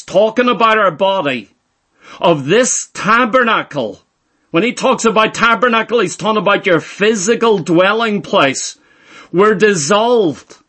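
A man's voice: high-pitched, fairly bright tone. A middle-aged man preaching a sermon, emphatic and repeating phrases for stress.

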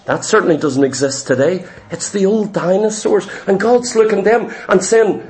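High-pitched man preaching emphatically. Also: moderate pace, darkish tone, a little hiss or hum. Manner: emphatic, repetitive rhetorical questions. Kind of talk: sermon.

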